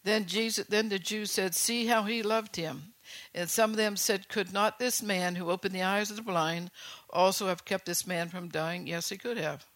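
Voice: mid-range voice, steady tone, moderate pace, fairly bright tone, dry recording. A preacher giving a sermon who reads Bible verses aloud, then explains them with personal testimony and keeps checking in with listeners. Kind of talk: sermon with scripture reading.

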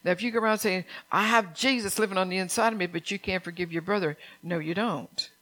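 A woman's voice: mid-range voice, quick pace, a bit bright. An older woman preaching an earnest sermon, reading scripture aloud and asking her congregation questions.

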